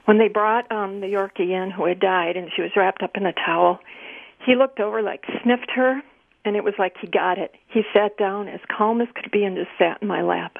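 A woman's voice: mid-range voice, steady tone, brisk, vocal fry, dry recording. A woman calling in to a radio show, eagerly telling personal stories. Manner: eager, chatty storyteller. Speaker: caller. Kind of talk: phone-in story telling. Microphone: telephone. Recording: tinny phone line.

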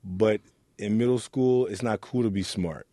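A man from Oakland, a youth mentor, telling his story in an interview with earnest warmth and acting out the voices in it. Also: fairly low pitch, normal speed, no echo. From Oakland, California. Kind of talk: reflective interview talk.

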